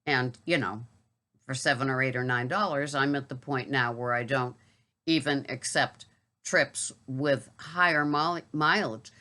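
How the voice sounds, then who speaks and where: A middle-aged woman speaks with a low, forceful voice. She rambles through a casual vlog monologue, wandering into asides and fillers along the way. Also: a little slow. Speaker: grocery delivery shopper.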